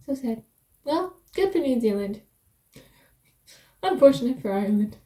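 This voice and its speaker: A young American woman chatting casually to her vlog viewers from a rented flat, rambling and laughing often. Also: on the high side, normal speed. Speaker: vlogger. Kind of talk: casual vlog chat to camera.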